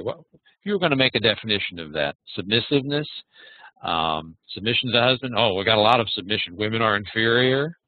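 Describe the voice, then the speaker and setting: Casting note: low-voiced man, halting seminar co-host, dry phone-quality audio. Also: dry recording. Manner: halting, with frequent fillers. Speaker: education program co-presenter. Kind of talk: online seminar presentation.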